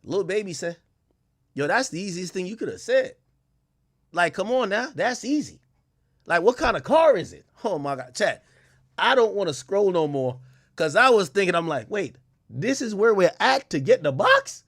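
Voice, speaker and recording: A young man streaming casually, reading messages aloud to his chat and reacting with loud outbursts. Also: sits high, big pitch swings, normal speed. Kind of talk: casual live-stream commentary.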